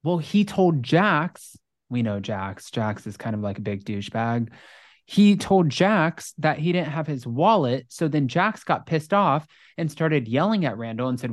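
A woman spins a gossipy story in relaxed, casual chat, sprinkling "like" through every line and swearing freely. The sound is dry and close, with no room echo, and she acts out each person she quotes. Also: unhurried. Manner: animated storyteller, acts out quotes in high voices; frequent "like" fillers, swears casually.

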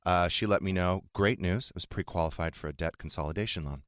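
A man's voice: deep voice, fast talker, a bit bright, clean tone, no echo. A man hosting a podcast, telling comic stories in casual chat with a dry, teasing delivery. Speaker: podcast host.

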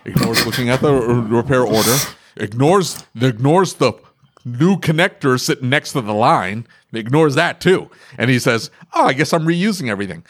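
Shop-owner guy on a podcast, mid-pitched, hammers his point home, laughs a lot. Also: expressive, moderate pace. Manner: emphatic, repeats points, laughs often. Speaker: podcast host and auto repair shop owner. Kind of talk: casual podcast chat.

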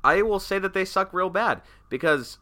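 Bright, lively-voiced podcast co-host man. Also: high-pitched, normal speed. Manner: playful riffing banter. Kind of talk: casual comedic chat.

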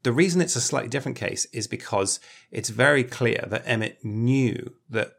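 Gravelly-voiced man chatting on a podcast. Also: medium pitch, moderate pace, fairly bright tone. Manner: chatty, hesitant, many ums and restarts. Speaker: podcast co-host. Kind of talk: casual chat.

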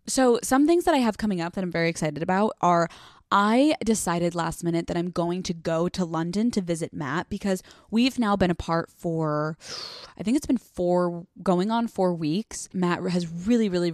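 A young woman hosting a solo podcast, chatting casually and rambling fast with lots of filler words and swearing. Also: on the low side, no room sound, studio quality. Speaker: podcast host. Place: hot small room, dry sound.

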